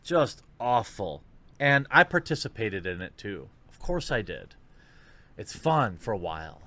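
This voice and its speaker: A man's voice: lowish voice, sing-song, unhurried, bright, forceful tone, no echo. A man speaking an earnest, preachy video monologue, played from a recording. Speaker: video commentator.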